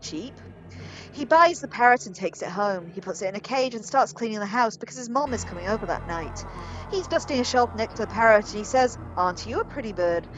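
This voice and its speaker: Lady reading game emails out loud, kinda wry, tosses in little comments. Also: on the high side, expressive, brisk, rough recording. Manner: casual, wry, reads jokes with put-on voices. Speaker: let's play gamer.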